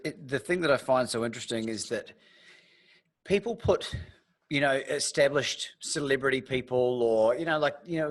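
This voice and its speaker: Male podcast host, middle-pitched voice, chatty storyteller. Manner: chatty storyteller, restarts often. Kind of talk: casual interview chat.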